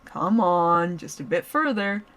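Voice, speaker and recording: A woman voicing a calm, possessive male kidnapper who speaks softly and slowly. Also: lowish voice. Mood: eager. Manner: soft, slow and coaxing. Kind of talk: narrated story role-play.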